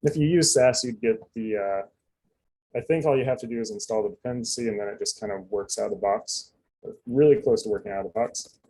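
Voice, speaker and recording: Gravelly-voiced man walking through code. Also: lowish voice, a little fast, warm tone, rough recording. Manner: casual, chatty, full of fillers and asides. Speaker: presenter. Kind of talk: live coding demo.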